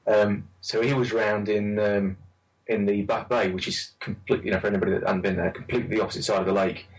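A man's voice: lowish voice, level tone, quick pace, recorded from a distance, rough recording. A man chatting casually about carp fishing, rambling and repeating words as he tells stories. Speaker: carp angler recalling a lake. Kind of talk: casual chat.

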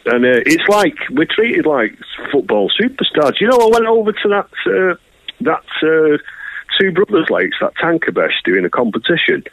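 A man's voice: on the high side, very animated, normal speed, phone-quality sound. A man, a guest angler, telling rambling, crude stories in casual chat and acting out voices. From England. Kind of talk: casual anecdote.

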